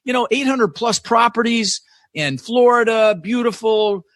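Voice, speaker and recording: A man guest in a casual interview, telling stories in an energetic, emphatic way from his home office. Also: very high-pitched, a little slow, no room sound. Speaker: podcast guest, real estate investor. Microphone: no video, audio call.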